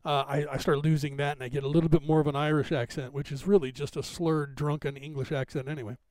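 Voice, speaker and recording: A man's voice: fairly high pitch, flat delivery, fast talker, a little mellow, no echo. A middle-aged man from Northern California with a Californian accent, hosting a live stream and chatting to viewers in a rambling, digressive way, often adding "right?".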